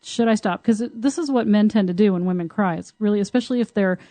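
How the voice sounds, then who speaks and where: A woman's voice: medium pitch, quick pace, mellow, no echo. A woman co-hosting a podcast who talks frankly and laughs often in casual conversation. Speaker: podcast co-host, tantra teacher.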